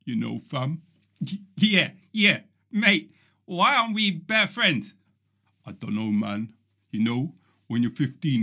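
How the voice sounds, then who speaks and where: A man's voice: medium pitch, pushed and bright, heavily acted. A man voicing two fifteen-year-old boys who mumble with a laid-back drawl.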